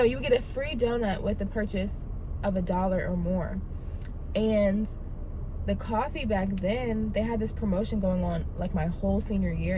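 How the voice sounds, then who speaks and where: A young woman vlogging casually to her phone camera, rambling through stories in a chatty, animated way. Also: medium pitch, noisy background. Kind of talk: casual vlog chat.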